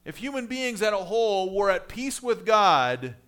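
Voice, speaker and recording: Bright high-pitched male pastor preaching. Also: sing-song, moderate pace, clean tone. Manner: conversational preaching, rising emphatic then dropping low and quiet. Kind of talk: sermon.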